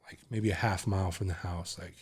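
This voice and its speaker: A man's voice: low voice, steady tone, fairly quick, husky. A man, a podcast guest, telling a candid personal story in a rambling, casual way full of fillers.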